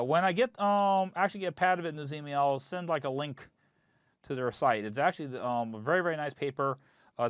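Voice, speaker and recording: A man's voice: mid-range voice, clean tone, no echo. A man hosting a drawing stream, chatting casually and rambling with plenty of fillers. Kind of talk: casual chat while drawing.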